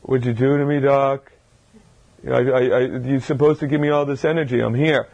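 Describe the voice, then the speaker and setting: A man's voice: medium pitch, fairly even intonation, normal speed, vocal fry, a little mellow, muffled recording. A man quoting a tired, complaining patient who stammers through a whiny complaint.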